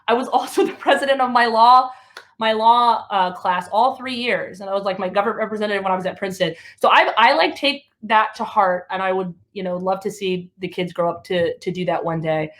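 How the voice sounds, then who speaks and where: A woman in her thirties from Alabama doing stand-up, telling stories in an animated, chatty way with laughs between lines. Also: mid-range voice, a little fast. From Alabama, USA. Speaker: comedian. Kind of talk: stand-up comedy.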